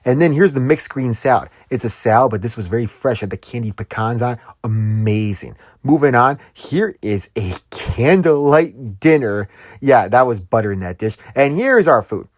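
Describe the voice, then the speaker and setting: A man narrating a casual restaurant food review in an excited, gushing way, with many fillers. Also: mid-range voice, moderate pace, no echo, studio quality. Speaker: food vlogger.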